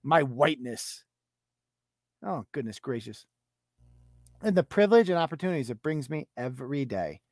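A podcast host launches into a profane, mocking ranting commentary. The medium-pitched voice has lively intonation, a moderate pace, and long pauses, recorded with clean studio sound and no echo.

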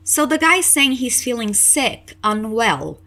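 Brief: woman host teaching English, bright and sharp voice, encouraging and explanatory. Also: a little high, sing-song, takes it slowly. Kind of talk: podcast language lesson.

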